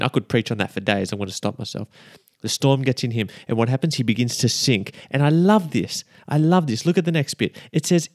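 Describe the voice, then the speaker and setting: Male preacher, mid pitch, fervent sermon delivery with emphatic repetition; dry, close recording. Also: dry recording. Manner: fervent, building to excited emphasis.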